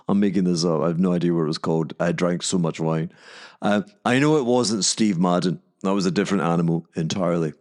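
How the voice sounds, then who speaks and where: Scottish guy, kinda low voice, swoops up and down a lot, rambling story with swearing. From Scotland. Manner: animated, digressive, profane asides. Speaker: podcast host.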